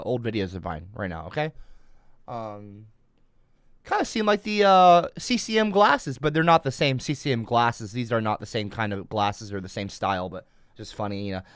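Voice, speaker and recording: A man's voice: medium pitch, no echo, clean studio sound. Rambling man ranting on a livestream. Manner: rambling, defensive, swears a lot. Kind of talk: casual livestream rant.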